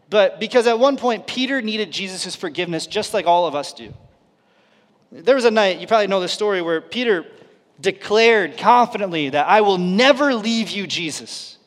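Man, pastor preaching, fairly high voice, earnest and conversational, loud then hushed, long hall echo. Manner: earnest, conversational preaching with sudden swings in loudness. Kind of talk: sermon. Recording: long reverb of a large hall.

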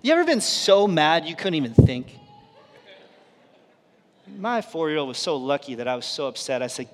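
A man in his thirties preaching from a church stage, with a voice that sits a little high for a man. He tells stories in his sermon and drops quiet when he quotes someone. The sound rings with the long reverb of a large hall. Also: lively intonation, normal speed, pauses often. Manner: storytelling, dropping to a hush for quoted lines. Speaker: pastor. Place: church auditorium.

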